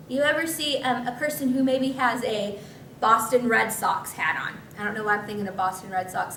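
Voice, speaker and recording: A woman's voice: a little high, a bit bright. A woman pastor teaching scripture in a conversational way, with chatty asides. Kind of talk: Bible teaching. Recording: echoey room, mic at a distance, faint noise.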